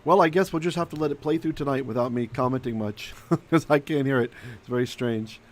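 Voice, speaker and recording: A man's voice: medium pitch, fairly quick. A man hosting a live stream, apologizing to viewers while he works through an audio problem aloud. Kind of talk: casual live commentary.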